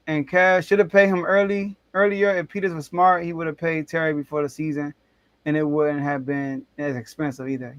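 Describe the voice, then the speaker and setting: A man hosting a casual sports debate show, telling stories in an animated, excitable way with big jumps in his voice. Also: high-pitched, no room sound, lo-fi sound.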